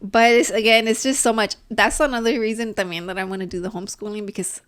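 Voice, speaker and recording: A woman's voice: medium pitch, steady tone, fast talker, fairly bright tone, smooth. A young woman co-hosting a podcast, chatting in an earnest, talkative way full of fillers. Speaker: podcast co-host. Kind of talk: casual chat.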